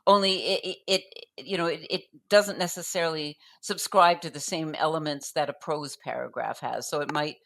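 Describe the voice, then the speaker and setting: A woman guest explaining poetry in relaxed conversation, thinking aloud with frequent restarts and sounding out rhythms as da-dum. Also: low voice, a little fast, creaky, hardly any pauses. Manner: thoughtful, with frequent restarts and fillers.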